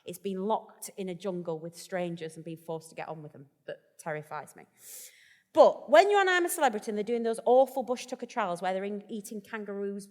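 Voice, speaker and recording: A woman's voice: mid-range voice, very animated, fairly quick, a little mellow, long reverb tail. A woman vicar as the guest in a live stage conversation, chatty, jokey and self-deprecating. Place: festival event hall.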